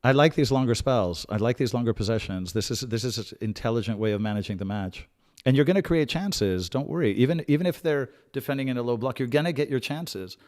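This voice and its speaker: A man hosting a live match watch-along, calmly analysing tactics and breaking into excited outbursts at big plays. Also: mid-range voice, fast. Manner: chatty, repeats himself and restarts phrases. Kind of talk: live fan match commentary.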